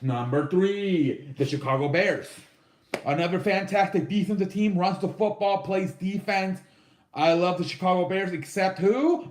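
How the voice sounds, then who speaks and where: In an echoey room, a high-pitched man ranks football teams on his own show. As a sports show host, his casual commentary is loose, full of swearing and fillers.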